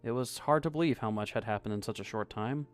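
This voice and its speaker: A man narrating a scripted first-person story in a soft, even storytelling voice. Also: medium pitch, fast talker. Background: faint music.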